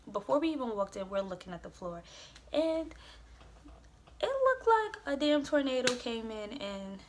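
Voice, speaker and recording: A woman's voice: mid-range voice, a little hiss or hum. A young adult woman vlogger telling a storytime tale, rambling and swearing, with lots of "like". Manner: rambling, profane, filled with "like". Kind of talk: storytime vlog.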